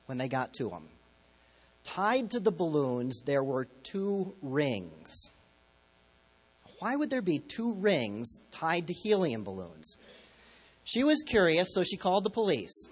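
A man's voice: fairly high pitch, slightly rough. A man preaching a sermon as a pastor, telling stories in a conversational, lightly humorous way.

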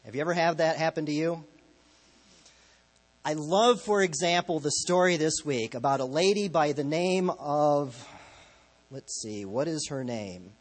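A man's voice: fairly high pitch, measured pace. A man preaching a sermon as a pastor, telling stories in a conversational, lightly humorous way.

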